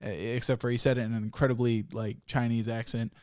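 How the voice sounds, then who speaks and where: A man's voice: medium pitch, flat delivery, fast talker, a little mellow, clean tone. A young man hosting a solo podcast, telling stories in a rambling, profane way and laughing often. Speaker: podcast host. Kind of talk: casual solo podcast rant.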